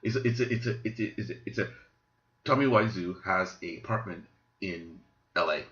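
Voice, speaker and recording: Fast, bright-voiced man in casual chat. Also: on the low side, echoey room. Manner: halting, many repeated words and restarts. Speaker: podcast co-host. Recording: dull lo-fi podcast recording.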